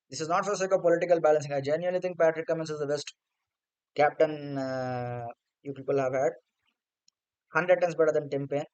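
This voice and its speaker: A man's voice: fairly high pitch, clear, resonant tone, low-quality recording. A man giving a blunt, sarcastic opinion rant as a cricket vlogger. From India.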